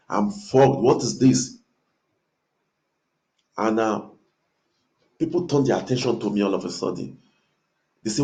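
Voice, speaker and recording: Man, lowish voice, animated dream retelling, makes trumpet sounds, repeats lines for emphasis. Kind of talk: dramatic storytelling of a dream.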